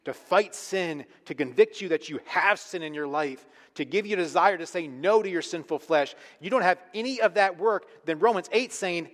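A man preaching a sermon, earnest and emphatic, swinging between quiet, intimate lines and loud, pressing ones. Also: high voice, normal speed, hardly any pauses. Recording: long reverb of a large hall.

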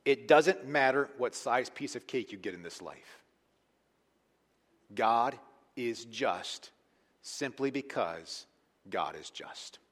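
A man preaching a sermon as pastor, talking conversationally and with emphasis, swinging between loud points and hushed asides. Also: medium pitch, expressive, slow, long pauses. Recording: long hall reverb.

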